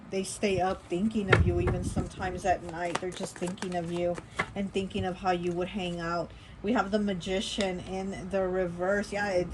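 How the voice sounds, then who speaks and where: Woman tarot reader, chatty and rambling, mid-pitched, steady background hiss under the voice. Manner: chatty, rambling, many fillers and restarts. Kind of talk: casual tarot reading monologue.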